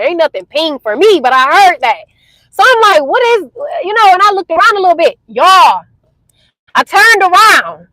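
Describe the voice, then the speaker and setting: Young woman vlogger, bright high voice, close and dry, casual animated storytime delivery. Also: no echo, rough recording. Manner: animated, chatty, addresses viewers as y'all.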